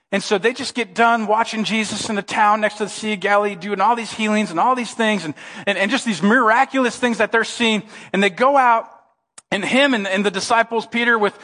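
A man preaches from a church stage, his high, bright voice swinging widely in pitch. The tone is a little husky, and long reverb from the sanctuary trails his words. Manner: animated, emphatic preaching with quoted voices. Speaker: pastor. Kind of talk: sermon.

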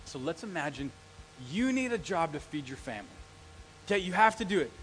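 A middle-aged male pastor preaching a sermon, telling stories and acting out the quotes with lively energy. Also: fairly high pitch, fairly quick, a little hiss or hum, poor audio. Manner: animated storytelling with acted-out quotes.

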